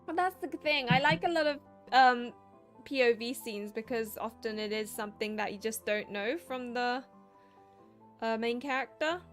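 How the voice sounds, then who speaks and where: A young woman streaming herself, reading a romance visual novel aloud and chatting excitedly between lines. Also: fairly high pitch, normal speed, soft background music. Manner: excitable, laughing asides.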